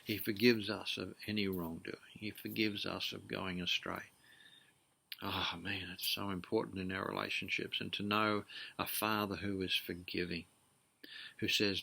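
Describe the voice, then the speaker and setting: Man, sermon, bright forceful tone, conversational, restarts often. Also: deep voice, fairly even intonation, moderate pace, gravelly. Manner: earnest, conversational, many restarts. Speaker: pastor.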